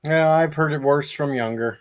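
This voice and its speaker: A man's voice: on the high side, normal speed. Quippy man teasing on a stream. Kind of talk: casual chat.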